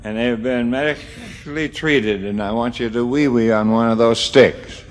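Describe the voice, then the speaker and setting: A man's voice: medium pitch, fairly even intonation, normal speed, slight background noise, lightly acted. A man doing a bossy, fussy doctor. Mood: instructing. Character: brisk, bossy male doctor.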